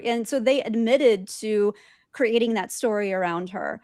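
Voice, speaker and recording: A woman guest telling her spiritual experiences in an animated way, laughing often and acting out quotes. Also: medium pitch, normal speed, dry recording, studio quality. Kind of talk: storytelling in conversation.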